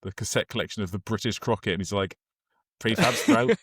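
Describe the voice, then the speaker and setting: A man co-hosting a comedy podcast, laughing often and jumping into excited bits. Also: on the low side, racing, husky, no echo, clean studio sound. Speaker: podcast co-host. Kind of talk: casual comedic podcast chat.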